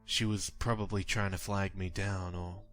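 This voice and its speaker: A man reading a horror story aloud in a measured, grim storytelling manner. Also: sits low, flat delivery, a bit bright. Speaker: narrator. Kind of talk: scripted horror story narration. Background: faint music.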